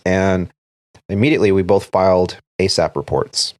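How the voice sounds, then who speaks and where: A man's voice: deep voice, fairly even intonation, normal speed, no room sound. A man, an airline first officer, telling a story from work in a casual podcast chat, acting out the radio calls as he goes. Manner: recounts events step by step, acting out quoted radio calls.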